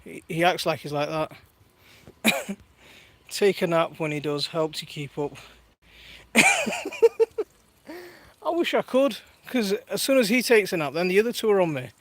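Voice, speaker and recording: A man's voice: high-pitched, lively intonation, a little slow, pauses often. A man in his thirties chatting casually on a live stream from his garden while minding his toddler, laughing often and reading viewer comments aloud. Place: outdoors in a garden.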